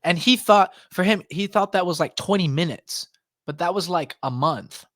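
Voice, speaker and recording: On a laid-back podcast, a young man with a high-sitting voice recounts a story at normal speed, recorded dry. He's animated, performs the other people's voices in quotes, and uses "like" constantly.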